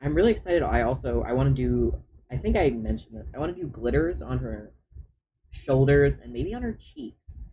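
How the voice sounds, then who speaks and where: A man's voice: mid-range voice, animated, moderate pace, background noise. A man chatting on a live stream as he draws, often muttering his steps to himself as he works. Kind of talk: casual live-stream chat while drawing.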